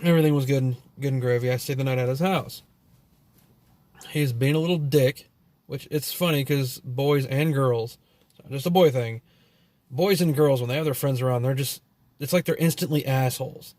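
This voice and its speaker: A man's voice: medium pitch, normal speed, darkish tone, no echo. A man telling a long story as a vlogger in a casual, profane rant that rambles and is full of "you know" and "like".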